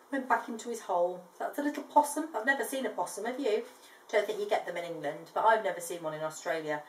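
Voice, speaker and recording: A woman reading a storybook aloud to a child, gentle, with chatty asides between pages. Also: medium pitch, animated, a little fast. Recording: echoey room, distant mic.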